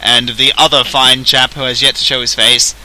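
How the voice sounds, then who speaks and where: A man's voice: mid-range voice, flat delivery, moderate pace, bright, forceful tone, low-quality recording. An Australian man hosting a casual gaming livestream, jokey, self-mocking and theatrical. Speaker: streamer host.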